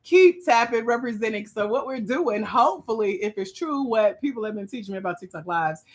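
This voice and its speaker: A woman with a Southern US accent hosting a livestream, teasing and hyping up her viewers in playful, animated chat. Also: fairly high pitch. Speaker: livestream host and grant mentor.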